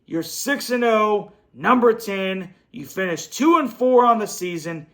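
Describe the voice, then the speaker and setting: Male fan host, high gravelly voice, blunt frustrated post-game rant at his computer. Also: lively intonation, a little slow, fairly bright tone. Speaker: sports fan show host. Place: home, at a computer. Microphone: computer setup.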